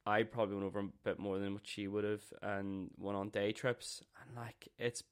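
Low-voiced blunt man. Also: little pitch movement, normal speed, clear, resonant tone. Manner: blunt and profane, laughing often. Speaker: podcast co-host. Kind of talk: casual chat.

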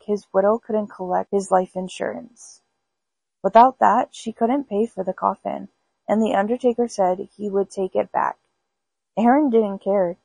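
A woman's voice: medium pitch, creaky, darkish tone, breathy edge, no room sound, rough recording. A woman hosting a podcast, reading spooky folk tales aloud in an unpolished amateur way with small stumbles. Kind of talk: storybook read-aloud.

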